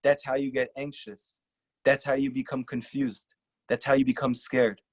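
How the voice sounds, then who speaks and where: A rabbi giving an earnest, emphatic lecture and repeating short lines for stress. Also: male voice, medium pitch, level tone, normal speed. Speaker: rabbi teaching a class. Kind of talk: earnest sermon-style lecture.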